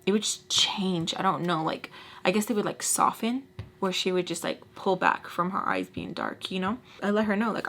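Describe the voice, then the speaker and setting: A young woman vlogging a casual storytime while doing her makeup, full of likes and quick restarts. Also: mid-range voice, fairly bright tone, slight background noise. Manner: chatty, many likes and restarts; voices others in quoted bursts.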